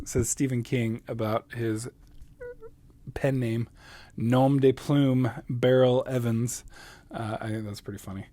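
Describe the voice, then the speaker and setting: Chatty excitable man unboxing books. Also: medium pitch, takes it slowly, no echo. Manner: chatty, excitable, laughs often. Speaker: book video host. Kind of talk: casual book haul vlog.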